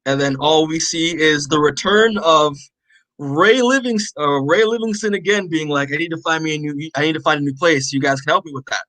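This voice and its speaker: A man co-hosting a podcast, casually recapping a comic issue with lots of fillers and quick acted-out character lines. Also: a little high, bright, forceful tone, no echo, rough recording. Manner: rambling, many fillers, acts out characters' lines. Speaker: podcast co-host.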